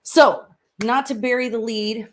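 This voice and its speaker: A woman's voice: a little high, fairly even intonation, a little slow, fairly bright tone. A woman hosting a casual political chat at home, upbeat and chatty with frequent fillers. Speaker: podcast host and congressional candidate. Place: room in a house under renovation.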